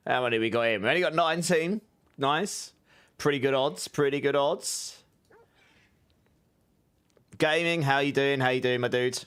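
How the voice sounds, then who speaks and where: A man streaming a game, talking loosely to his viewers and greeting them one by one. His voice is clear and smooth, and he laughs easily between remarks. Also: medium pitch, normal speed, long pauses, a bit bright. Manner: chatty, laughs often, greets chat by name. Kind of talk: casual livestream chat with viewers.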